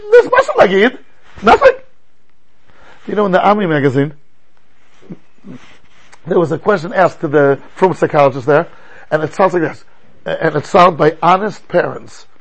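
Animated gravelly rabbi teaching. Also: male voice, fairly high pitch, normal speed, pauses often, low-quality recording. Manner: animated, rhetorical questions, frequent stammering restarts. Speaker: rabbi teaching a Torah class. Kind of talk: animated Torah lecture.

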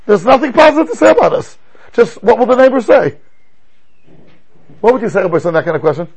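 Animated gravelly rabbi teaching. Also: male voice, very high-pitched, fast talker, rough recording. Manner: animated, rhetorical questions, frequent stammering restarts. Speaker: rabbi teaching a Torah class. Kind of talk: animated Torah lecture.

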